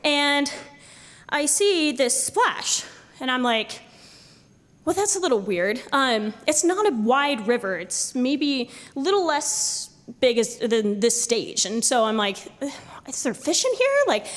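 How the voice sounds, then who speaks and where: Lively young woman telling a story on stage. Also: high-pitched, slow. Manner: animated, laughing often, acting out quotes. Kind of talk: live personal storytelling. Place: stage in a hall before a live audience. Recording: live hall recording with long reverb.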